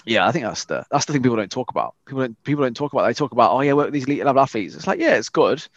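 A man in his thirties from England, chatting casually as a podcast co-host, animated and sweary. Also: medium pitch, racing, dry recording, lo-fi sound. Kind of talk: casual chat.

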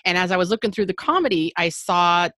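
A woman's voice: fairly low pitch, lively intonation, fast talker, fairly bright tone, no room sound, studio quality. A woman guesting on a podcast, speaking frankly in a casual, rambling way. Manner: frank and rambling, restarts often. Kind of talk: candid casual chat.

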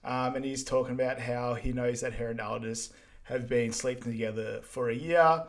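A man co-hosting a podcast, giving a relaxed plot recap with frequent ums. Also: mid-range voice, normal speed, slight background noise. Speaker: podcast co-host. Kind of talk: casual film recap chat.

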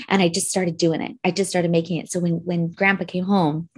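A middle-aged woman co-hosting a podcast, telling an animated story in casual chat and swearing now and then. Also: fairly low pitch, brisk, hardly any pauses, breathy edge. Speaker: podcast co-host.

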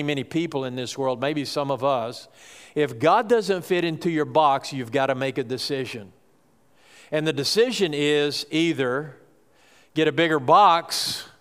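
A man's voice: on the high side, fairly bright tone, clear, resonant tone, long reverb tail. A man preaching a sermon as pastor, talking in a conversational way that sometimes builds to raised emphasis.

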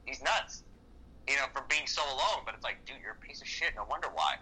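A man co-hosting a casual movie-review podcast, excitable and profane, often acting out lines from the film. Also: mid-range voice, fast, breathy edge, low-quality recording. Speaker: podcast co-host.

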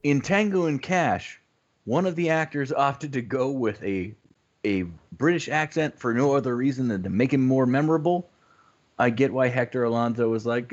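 A man's voice: medium pitch, normal speed. A man co-hosting a casual podcast, joking and sarcastic. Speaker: podcast co-host. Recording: dull lo-fi audio.

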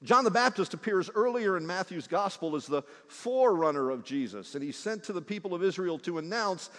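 A man preaching a sermon from the pulpit, swinging between loud emphasis and hushed, quiet lines. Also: high-pitched, lively intonation, a little fast. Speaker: pastor. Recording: long hall reverb.

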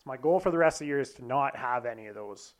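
A man's voice: medium pitch, quick pace. A young man casually telling a candid, profane, self-deprecating story about himself. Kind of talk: casual anecdote monologue.

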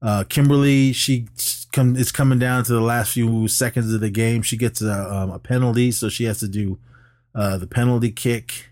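A man casually recapping a movie for a podcast, jumping in and out of the characters' lines as he tells it. His voice sits at an ordinary pitch. The sound is dry and close, with no room around it. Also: moderate pace, dry recording. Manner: animated retelling, acts out characters' lines. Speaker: podcast co-host.

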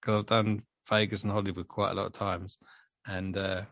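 Man, podcast host, casual chat, easygoing, lowish voice, dry sound. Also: little pitch movement, moderate pace, fairly bright tone, dry recording.

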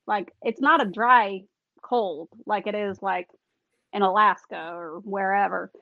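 A woman's voice: mid-range voice, a little slow, creaky, no echo, dull audio. A woman in casual chat, talking emphatically and often saying "like". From Southern US. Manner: chatty, emphatic, uses 'like' a lot.

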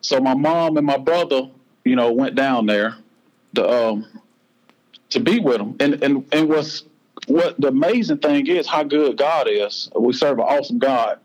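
A man's voice: medium pitch, animated, measured pace, a little mellow, dull audio. A man in his forties with a Southern US accent, telling a personal story as a podcast guest in an earnest, heartfelt way. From North Carolina, US.

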